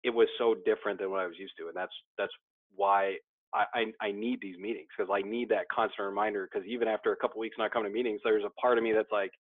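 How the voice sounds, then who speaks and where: Speaking fast with fairly even intonation, this low-pitched man opens up about his experience at a recovery support meeting, often beginning sentences again. No room sound comes through, and the recording sounds dry and tinny, as if over a phone.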